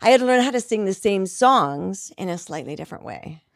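A woman's voice: medium pitch, animated, fairly quick, creaky, dry recording. Reflective middle-aged woman, dry close sound. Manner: reflective, earnest, with restarts and stretched words. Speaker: guest, singer. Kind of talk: candid conversational interview.

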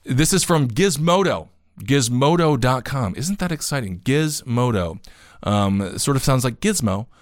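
A man's voice: medium pitch, unhurried, no echo, studio quality. A man hosting a podcast, giving casual news commentary with sarcastic asides and growing indignation. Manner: animated, sarcastic, gets indignant. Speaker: podcast host.

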